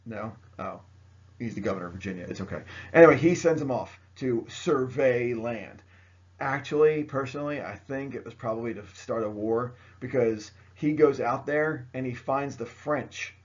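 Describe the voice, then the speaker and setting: A man's voice: medium pitch, normal speed, dull audio. A man teaching a history lesson by video, chatty and joking, speaking straight to his students. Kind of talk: recorded video lecture.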